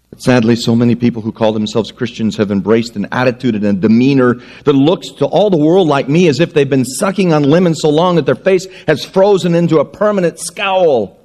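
A male pastor preaching a sermon, telling stories and joking at his own expense before a congregation. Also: mid-range voice. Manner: animated storytelling with self-mocking jokes.

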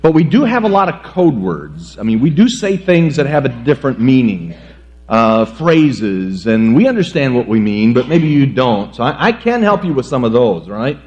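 A man's voice: medium pitch, big pitch swings, moderate pace, darkish tone. A middle-aged man preaching a sermon on marriage in a folksy, joking way, often stumbling and restarting his phrases. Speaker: pastor. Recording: dull lo-fi sound with mains hum.

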